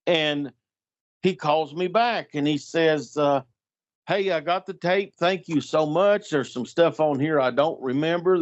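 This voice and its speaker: A middle-aged man telling a story in casual talk, acting out the voices of the people in it. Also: on the high side. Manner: animated, acts out voices in anecdotes. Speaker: guest storyteller. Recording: dull lo-fi sound.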